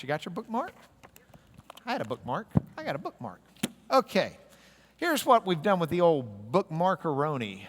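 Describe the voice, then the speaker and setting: Male Bible teacher, animated and playful, slightly high voice, hall reverb. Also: normal speed. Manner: jokey, animated teaching with audience call-and-response. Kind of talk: classroom lecture. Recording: echoey hall recording.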